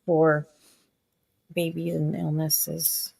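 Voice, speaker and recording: A woman's voice: low-pitched, monotone, drawn-out words, gravelly, darkish tone, slightly rough, no room sound. A woman, a mother, chatting plainly and matter-of-factly as a livestream guest. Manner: plain-spoken, matter-of-fact. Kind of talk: casual livestream chat.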